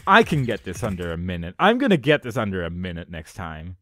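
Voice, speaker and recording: A man's voice: low-pitched, very animated, a little fast, pushed and bright, no echo. A young man doing comedic game commentary, exasperated and sarcastic, complaining melodramatically at the game. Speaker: let's play commentator.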